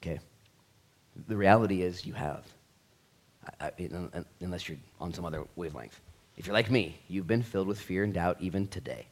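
Preaching in church, this middle-aged pastor is lively and theatrical, voicing characters' lines and shifting from booming moments to hushed remarks. He has a deep, husky voice and speaks at a fairly brisk pace.

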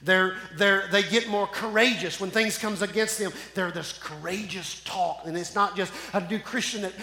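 A pastor preaching a sermon with call-and-response, his voice swinging from loud to hushed, in a church sanctuary. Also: high-pitched. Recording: echoey church hall.

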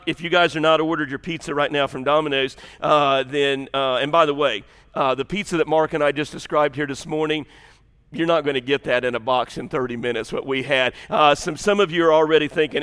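Lively bright-voiced preacher. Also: male voice, on the high side, smooth, long reverb tail. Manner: animated, rambling, self-deprecating asides. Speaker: pastor. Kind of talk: sermon.

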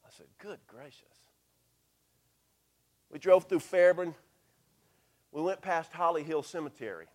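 Man, pastor, sermon storytelling, earnest, slightly high voice. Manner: earnest storytelling, quoting scripture in a hushed slow voice.

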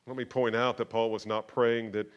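A man preaching a sermon to his church, moving from quiet, conversational talk to loud, emphatic passages. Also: medium pitch, flat delivery, normal speed, clear, resonant tone, highs cut off. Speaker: pastor. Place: church sanctuary.

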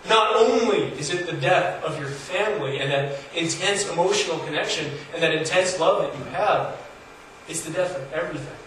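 An earnest preacher with a fairly high voice talks to his congregation in a plain, conversational way. His voice rises on the points he stresses. He sounds far from the mic, with a strong echo of a large room and a faint hum behind him. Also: moderate pace, fairly bright tone. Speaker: pastor. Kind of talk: sermon. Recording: echoey hall from far off, faint noise.

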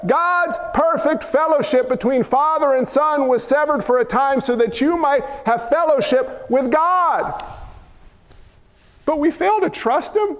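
A man's voice: very high voice, animated, unhurried. A man preaching a sermon as a pastor, impassioned and building to emphatic outbursts. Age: adult father of young children. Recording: long reverb of a large hall.

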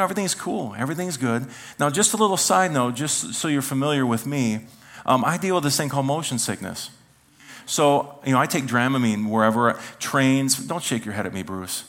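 A man pastor preaching a sermon in a church, telling a funny personal story and acting out the voices of the people in it. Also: medium pitch. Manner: animated storytelling, acts out voices, self-mocking humor.

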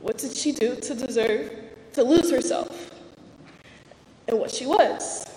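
A young woman reads out an earnest, candid personal testimony and pokes fun at herself along the way. Her voice sits a little high. It carries through a large hall with a long, echoing reverb. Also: darkish tone. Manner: earnest, candid, self-deprecating. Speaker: speaker giving a personal testimony. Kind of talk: read-aloud personal talk on faith.

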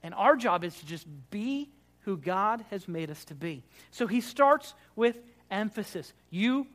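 A man, a Baptist pastor preaching a sermon, emphatic and swinging between loud declarations and quiet, soft prayer. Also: high-pitched, expressive, measured pace.

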